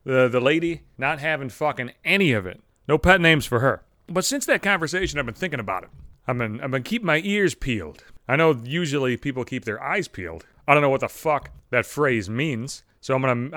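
A man's voice: on the high side, bright, forceful tone, no room sound, studio quality. A man hosting a solo comedy podcast, ranting profanely and acting out other people's voices. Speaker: podcast host.

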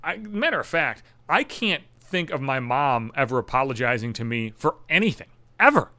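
A man's voice: medium pitch, very animated, moderate pace, sharp tone, dry recording. A young man hosting a solo podcast, ranting bitterly and sarcastically with heavy swearing. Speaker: podcast host.

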